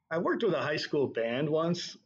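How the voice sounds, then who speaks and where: Middle-aged man, husky voice, easygoing storyteller, dull lo-fi sound. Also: on the high side. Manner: relaxed anecdotal, laughs at own stories. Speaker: drum corps tour director. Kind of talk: conversational interview storytelling.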